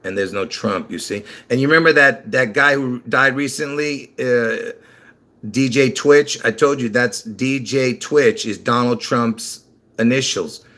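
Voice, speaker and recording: Guy rambling on his livestream, bit slurry from dentures, repeats stuff then gets all worked up, mid-pitched voice. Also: unhurried. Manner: rambling, repeats himself, bursts into excited emphasis; chuckles at his own slips. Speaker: livestream host. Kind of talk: rambling religious livestream talk.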